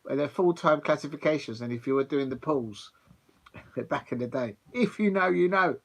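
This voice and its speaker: A man's voice: fairly high pitch, lively intonation, moderate pace, vocal fry, fairly bright tone. A man hosting a live football watch-along, chatty and rambling with plenty of fillers. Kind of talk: casual live commentary.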